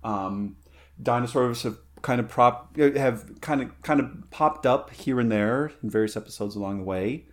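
A man's voice: mid-range voice, moderate pace. A man co-hosting a podcast in a casual chat, rambling with many fillers and restarts. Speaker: podcast co-host.

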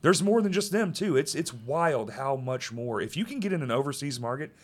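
Male podcast host, mid-pitched, casual and profane. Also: sing-song. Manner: loose and profane, quick banter, laughs often. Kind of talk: casual chat.

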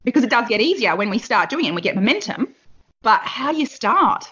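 Effusive woman host, higher voice. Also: sing-song, quick pace, muffled recording. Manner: warm, effusive, asks long rambling questions. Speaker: podcast host. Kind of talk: interview questions.

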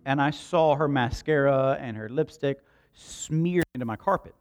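A man preaching a sermon, telling a personal story in a hushed voice, then building to loud, slow, emphatic lines. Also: mid-range voice. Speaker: pastor.

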